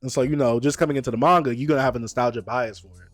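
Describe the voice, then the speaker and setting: A man's voice: medium pitch, fairly even intonation, rapid-fire, dry recording. A man hosting a casual stream chat, laid-back and playfully teasing his chat. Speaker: streamer and host.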